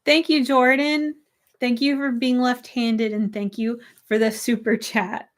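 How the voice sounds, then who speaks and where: A slightly hoarse young woman casually chatting on a livestream, reading viewer comments aloud and answering them from her room. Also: on the high side, steady tone, a little slow. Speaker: livestream host. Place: her room with string lights.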